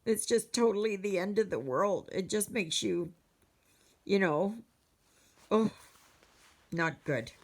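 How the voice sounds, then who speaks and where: A woman's voice: medium pitch, animated, slow pace, long pauses. A Canadian woman chatting casually to her viewers as a cross-stitch vlogger, rambling and storytelling with many fillers.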